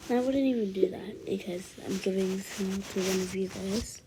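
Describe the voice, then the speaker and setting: A woman chatting casually over gameplay on her own microphone, rambling and dropping into soft asides, with a high, pitchy voice. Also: moderate pace. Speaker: gaming channel host. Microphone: own desk microphone. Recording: noisy home recording with hiss and clicks.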